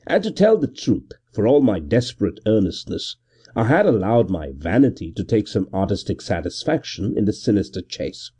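A man narrating a period novel in the first person, with a measured, expressive reading. His voice sits low and mellow with a husky grain, and his pitch moves in a lively, animated way. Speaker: audiobook narrator.

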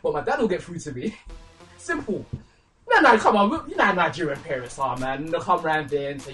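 A man's voice: a little high, fairly quick. A man chatting in a group, telling his side with strong emphasis. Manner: emphatic, lively storytelling. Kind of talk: casual group banter. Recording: distant mic with faint music.

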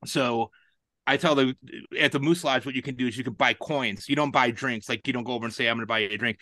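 A man's voice: mid-range voice, brisk, bright, forceful tone, no echo. A man in his forties telling a rambling anecdote in casual podcast chat. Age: 40s. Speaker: podcast storyteller.

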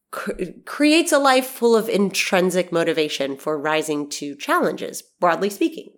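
A woman in her thirties delivers a casual podcast monologue as host, bubbly and chatty, swearing casually and laughing often. Her medium-pitched voice is fairly bright but stuffy and nasal from allergies.

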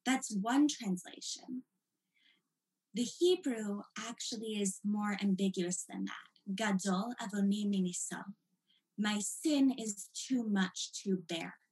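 A woman's voice: mid-range voice, takes it slowly, a little mellow, rough recording. A woman giving a lecture as a teacher, reading passages aloud and stressing key words with dramatic emphasis. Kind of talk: recorded lecture.

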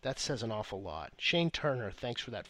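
A man's voice: mid-range voice, very animated, normal speed, fairly bright tone. A man co-hosting a podcast, reading listener letters aloud in a wry, profane, mock-reverent casual chat. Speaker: podcast co-host.

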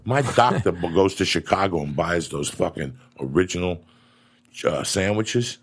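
A middle-aged man hosts a casual chat, telling stories in an animated, profane way. His voice is low, gravelly, and husky, at normal speed.

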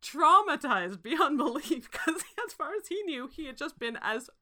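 A woman co-hosting a casual film discussion, talking in an animated way with restarts and laughs. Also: sits high, measured pace. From Canada. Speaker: podcast co-host.

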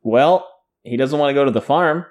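A man's voice: medium pitch, moderate pace, a little mellow. A man co-hosting a casual book discussion, reading passages aloud and adding joking, profane comments.

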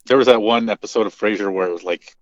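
A man's voice: lowish voice, fast, no echo, muffled recording. A man co-hosting a podcast in laid-back casual chat. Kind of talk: casual chat about TV shows.

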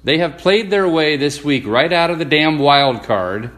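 A man's voice: fairly high pitch, lively intonation, unhurried, fairly bright tone. A middle-aged man hosting a podcast in casual chat, joking and playfully grumpy. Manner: joking, self-declared cranky sports fan. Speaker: podcast host.

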